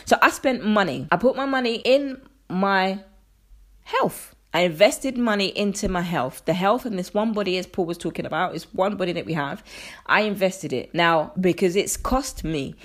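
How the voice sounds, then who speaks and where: A woman from England hosts a solo faith podcast, speaking earnestly and conversationally before slipping into a preacherly style. Her medium-pitched voice is animated and moves at a moderate pace through a podcast microphone.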